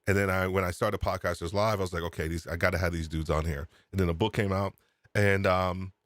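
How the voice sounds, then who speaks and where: Deep-voiced excitable male podcast host. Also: a little fast, no room sound. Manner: excitable, laughing, repeats himself. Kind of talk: casual live-stream chat. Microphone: USB desk microphone.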